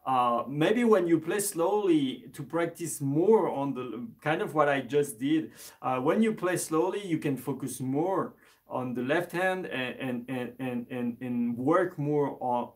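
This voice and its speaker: A man teaching an instrument lesson on a live stream, speaking in a relaxed, hesitant way with many fillers and restarts. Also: fairly high pitch. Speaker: music teacher.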